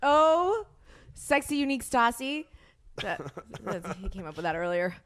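A woman's voice: fairly high pitch, very animated, measured pace, fairly bright tone. A young woman hosting a casual chat, telling stories frankly with lots of laughter. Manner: chatty, giggly, frank storytelling. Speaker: podcast host.

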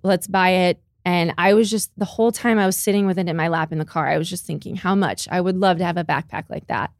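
A woman co-hosting a podcast, telling a heartfelt personal story in a slow, earnest, casual way. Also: fairly low pitch, gravelly, no room sound, studio quality. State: tearful. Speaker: podcast co-host. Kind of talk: casual chat.

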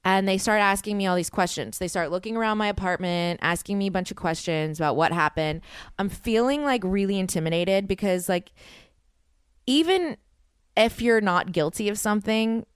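Young woman, podcast host, animated dramatic storytelling, many fillers, smooth clear voice, dry close mic. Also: medium pitch, dry recording.

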